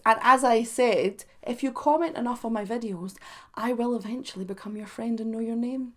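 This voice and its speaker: A woman hosting a music reaction vlog, talking casually in a playful, self-mocking way with sudden loud bursts. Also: medium pitch, brisk, gravelly.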